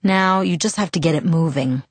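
A woman's voice: on the low side, normal speed, no echo, natural voice. A woman reading the lines of a teasing, easygoing teenage boy in an audiobook. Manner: teasing, casual.

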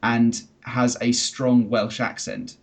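A man co-hosting a podcast, chatting in a relaxed, unscripted way. He hesitates often, fills gaps with fillers and restarts his sentences as he goes. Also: mid-range voice, slow pace, creaky. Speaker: podcast co-host. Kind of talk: casual chat.

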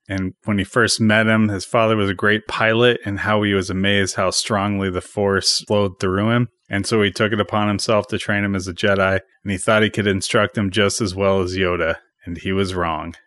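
A man hosting his own podcast, chatting casually as he retells film scenes and drops quick opinions. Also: lowish voice, steady tone, fairly bright tone, no room sound, studio quality. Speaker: podcast host. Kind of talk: casual solo movie recap podcast.

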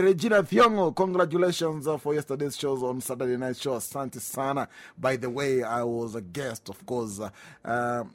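Kenyan guy on the radio, chatty, reading out listener requests, mid pitch. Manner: chatty, mixes in Swahili phrases, reads out listener names. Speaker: radio show host.

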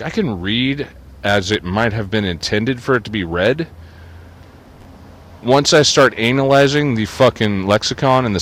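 A man's voice: fairly low pitch, a bit bright. A man vlogging in a crude, sardonic rambling monologue, cursing freely.

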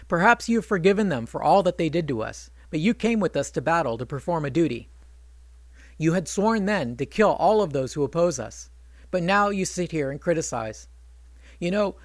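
A man's voice: a little high, no room sound, natural voice. Storybook brute warrior, blunt and boastful, read by a man. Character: hot-tempered mighty male warrior prince.

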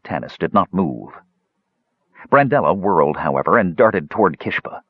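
Male narrator, fantasy audiobook, lively pitch, dull dry recording. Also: moderate pace, breathy edge, no echo.

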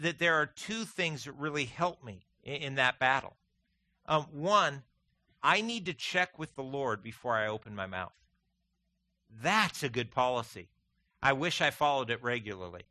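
Bright, animated male preacher. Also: medium pitch. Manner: folksy, animated storytelling with humor; addresses the congregation as "folks". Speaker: pastor. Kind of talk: sermon.

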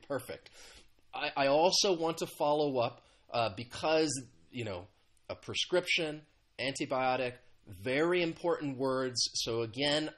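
A man leads a live-streamed English vocabulary lesson, with a mid-range voice that is neither high nor low. He repeats and rephrases as he goes and keeps his tone encouraging. He greets his viewers by name along the way. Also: a bit bright. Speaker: English teacher.

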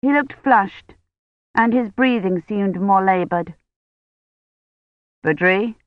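An audiobook narrator reading a novel in a measured, even way. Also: medium pitch, dry recording. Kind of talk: scripted narration. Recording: dull lo-fi dry studio audio.

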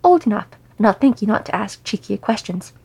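A woman's voice: medium pitch, animated, fairly quick, vocal fry, a little mellow, breathy edge, full character voice. A woman voicing an old male hobbit who is fussy, kindly and rambling.

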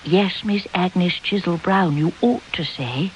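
Cast a reader as a soft-spoken, anxious spinster daughter, hesitant and quiet. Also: medium pitch, animated, normal speed, muffled recording, slight background noise, close to an everyday voice. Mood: timid. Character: anxious, timid middle-aged spinster daughter.

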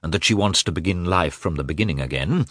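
A man's voice: deep voice, lively intonation, fast talker, a bit bright, no room sound, studio quality. A man reading a cold, formal, wounded middle-aged husband who talks in a clipped way, for an audiobook. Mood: bitter. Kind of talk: audiobook character voice.

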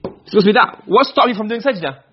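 Brisk, husky-voiced male teacher, on a muffled lo-fi recording, drilling students with questions. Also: high voice, lively intonation. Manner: quizzing students with quick questions. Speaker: Arabic grammar teacher. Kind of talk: classroom lesson.

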